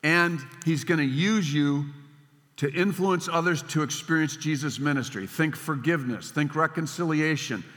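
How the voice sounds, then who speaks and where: Older male preacher, bright voice, hall reverb. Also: fairly high pitch, moderate pace. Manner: storytelling, swings between emphatic and hushed. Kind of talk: sermon.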